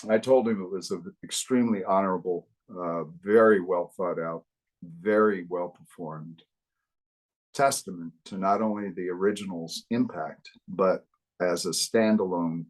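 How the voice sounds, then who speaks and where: Husky older man telling wry anecdotes. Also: sits low, unhurried, low-quality recording. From US East Coast. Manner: wry, animated anecdotes with acted quotes. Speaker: guest, author. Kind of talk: casual interview storytelling.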